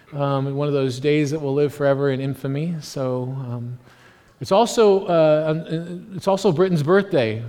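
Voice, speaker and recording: A man's voice: a little high, darkish tone. A man in his forties, a pastor giving a casual, joking sermon full of fillers and asides. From United States. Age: 40s. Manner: joking, rambling with many fillers. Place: church hall. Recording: long hall reverb.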